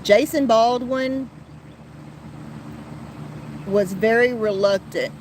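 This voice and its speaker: A woman's voice: fairly high pitch, slow pace, a little mellow, slight background noise, rough recording. A woman hosting a podcast, talking in a blunt, heated way with frequent restarts and some swearing. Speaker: podcast host. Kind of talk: casual commentary podcast.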